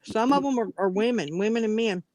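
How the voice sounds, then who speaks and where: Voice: medium pitch, fairly quick, a little mellow, no echo. A friend in a casual chat, giving short reactions and then telling a plain personal story.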